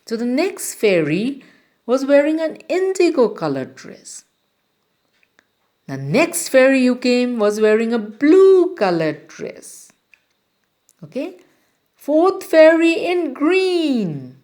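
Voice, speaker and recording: A woman's voice: a little high, very animated, slow, pauses often, a little mellow. A woman teacher reciting a children's poem verse by verse and explaining each word to young pupils.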